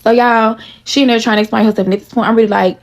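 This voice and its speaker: A woman's voice: a little high, fairly even intonation, very fast, no echo. A woman in her thirties telling a storytime vlog directly to her viewers, blunt and heavy on swearing. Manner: blunt, profane and heated, talks straight to viewers. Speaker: storytime vlogger. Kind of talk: casual storytime chat to viewers.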